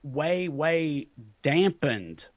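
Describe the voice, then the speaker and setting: A man's voice: on the high side, animated, extremely slow, dry recording. A man in his thirties from Tennessee with a Southern accent, chatting as a comedian guest in a rambling, self-deprecating way and laughing often. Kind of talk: casual interview chat.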